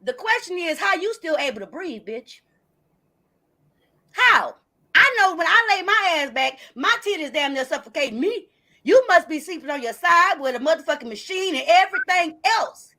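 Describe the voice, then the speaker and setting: A woman's voice: very high-pitched, expressive, normal speed, pushed and bright. A woman hosting a live stream, brashly and profanely calling out a viewer while reading the chat. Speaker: livestream host.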